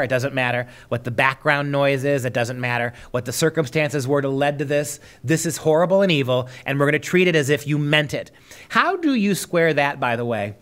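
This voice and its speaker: A man's voice: mid-range voice, a bit bright. A man hosting a podcast, delivering opinionated commentary in a sarcastic, mocking tone. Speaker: podcast host.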